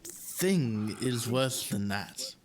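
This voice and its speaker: A man's voice: medium pitch, animated. A man on a live chat panel, speaking hesitantly with fillers. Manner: slow, drawn-out, hesitant. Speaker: panel guest. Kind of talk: live round-table chat.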